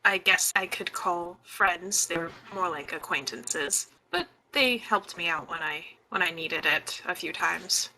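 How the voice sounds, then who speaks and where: Woman as a shy adventurer, very bright, hesitant voice. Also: on the low side, a little slow, few pauses, a little hiss or hum, full character voice, low-quality recording. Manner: hesitant, offhand.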